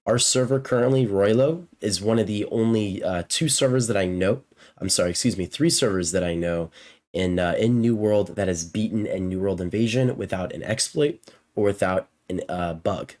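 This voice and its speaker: A man's voice: on the low side, normal speed, darkish tone. A man explaining game strategy in a casual, rambling way, with many fillers and self-corrections. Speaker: game guide creator and shot caller. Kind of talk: casual gameplay strategy walkthrough.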